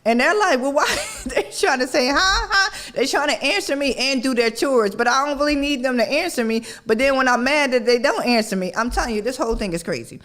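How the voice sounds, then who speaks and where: A middle-aged woman hosting a parenting radio show in a casual, conversational way. She keeps checking in with "right?" and acts out her own yelling. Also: high-pitched, lively intonation, a little fast, hardly any pauses. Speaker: podcast host. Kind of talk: casual talk-radio monologue.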